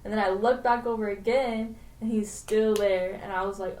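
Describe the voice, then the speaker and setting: Young woman co-host, slangy and profane, mid-pitched, off-mic in an echoey room. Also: steady tone, normal speed, hardly any pauses, darkish tone, recorded from a distance. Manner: slangy, swears freely, laughs at her own story. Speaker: podcast co-host. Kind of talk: casual storytelling chat. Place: home podcast room. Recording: roomy echo, mic set back.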